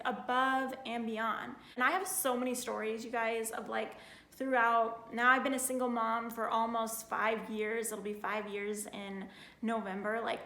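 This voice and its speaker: A woman's voice: fairly high pitch, a bit bright, reverberant. A woman in her thirties sharing a heartfelt personal testimony in a casual, earnest way, full of "like" fillers. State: getting emotional.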